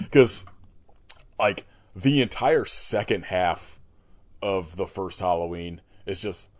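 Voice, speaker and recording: A man's voice: deep voice, animated, slow. A man co-hosting a podcast, chatting casually about horror movies, swearing freely and laughing often. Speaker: podcast co-host. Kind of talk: casual chat.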